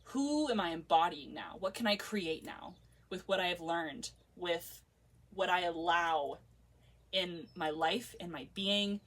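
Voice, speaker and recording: A woman's voice: lowish voice, lively intonation, measured pace, fairly bright tone, far from the mic. A woman vlogger telling a personal story in a casual, emotional, heartfelt way, full of filler words.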